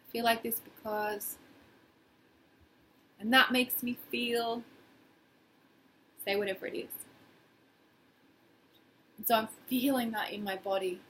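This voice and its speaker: Woman, bright, slightly higher voice, casual and expressive tapping coach, faint noise behind. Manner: casual, expressive, acts out feelings in quoted phrases. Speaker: tapping session guide. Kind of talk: guided tapping exercise.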